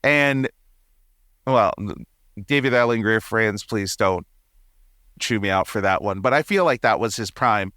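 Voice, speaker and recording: A young man co-hosting a casual movie review podcast, animated and mock-exasperated, often dropping into quoted voices. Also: fairly low pitch, unhurried, pauses often, dry recording, studio quality. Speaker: podcast co-host.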